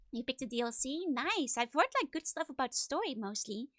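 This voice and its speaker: A woman's voice: high voice, fairly bright tone, dry recording, studio quality. A woman streamer chatting casually with viewers, bubbly and giggly, a bit sleepy with a slightly stuffy nose from a cold. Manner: bubbly, giggly, repeats greetings in sing-song runs. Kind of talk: casual live-stream chat greeting viewers.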